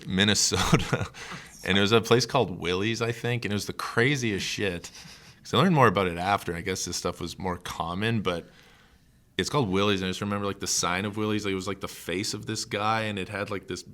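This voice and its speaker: A man's voice: fairly low pitch, a little fast. A young man from Canada, a guest comedian telling road stories in casual podcast talk, rambling with lots of fillers and acting out hecklers. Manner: rambling, filler-heavy, acts out hecklers' shouts.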